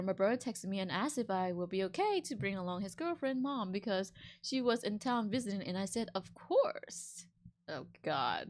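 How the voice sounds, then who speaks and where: A woman streamer reading an online story aloud and reacting to it with animated, indignant, slangy comments. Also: medium pitch. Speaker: VTuber streamer.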